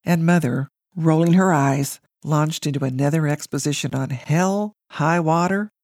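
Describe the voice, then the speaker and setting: Low-voiced woman reading a wry memoir. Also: a little mellow, no room sound, clean studio sound. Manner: wry, measured storytelling. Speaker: narrator, reading her family memoir. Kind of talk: storytelling narration.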